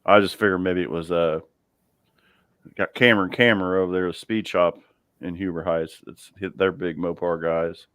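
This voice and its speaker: A man's voice: sits low, steady tone, normal speed, a bit bright, clear, resonant tone, no room sound. A man hosting a live chat from his garage, easygoing, chuckling often and trailing off mid-sentence. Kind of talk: casual chat.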